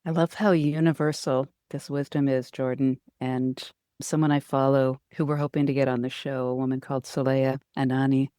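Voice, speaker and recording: A woman's voice: a bass voice, level tone, brisk, few pauses, dark tone, no echo, studio quality. A woman co-hosting a podcast, reflective and affirming, quoting others to draw out lessons for listeners. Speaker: podcast co-host.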